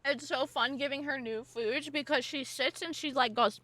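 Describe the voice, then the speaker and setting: A woman's voice: high voice, moderate pace, fairly bright tone. A woman streamer chatting casually and playfully, gushing about her dog and swearing now and then. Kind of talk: casual live-stream chat.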